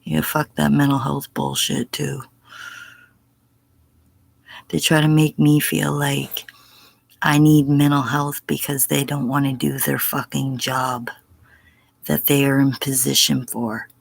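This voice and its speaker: A woman's voice: extremely low pitch, level tone, slow, long pauses, dry recording. A middle-aged woman on a casual livestream answering chat, blunt and profane, sometimes dropping to a whisper. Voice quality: gravelly, husky.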